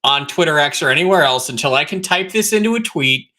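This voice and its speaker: Bright-voiced blunt male co-host. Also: a little high, lively intonation, fast. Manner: blunt, provocative banter. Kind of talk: casual sports chat.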